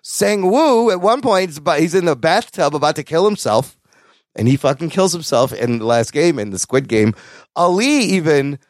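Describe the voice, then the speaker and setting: Fired-up podcast guy, swears a lot, fairly high voice, no room sound. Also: moderate pace, no echo, studio quality. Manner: animated, excitable, swears often, jumps around in pitch. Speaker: podcast co-host. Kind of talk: casual chat.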